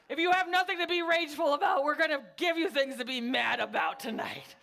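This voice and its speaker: A woman comedian warms up a live crowd, shouting and teasing the audience with playful questions. Her voice sits very high and has a gravelly edge. She speaks on a clip-on mic at a library event. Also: brisk. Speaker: host, comedian. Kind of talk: comic crowd warm-up. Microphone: clip-on mic that keeps falling.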